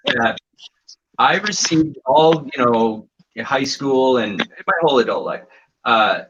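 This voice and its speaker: A man's voice: medium pitch, noisy background. A man doing a casual stand-up set over a home video call, rambling and self-deprecating with lots of fillers and restarts. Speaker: stand-up comedian.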